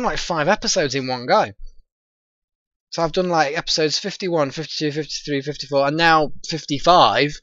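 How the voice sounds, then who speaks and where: A man's voice: fairly high pitch, no echo, dull audio. Chatty man narrating gameplay. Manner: chatty, thinking aloud, excitable. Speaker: let's play host. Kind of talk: casual gameplay commentary.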